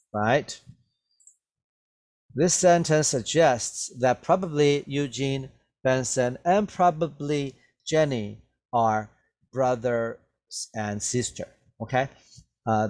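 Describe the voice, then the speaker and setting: A man's voice: medium pitch, a little mellow. A man teaching an English vocabulary lesson, patiently checking his students' understanding as he goes. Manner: slow, patient, checks understanding with "right?" and "okay?".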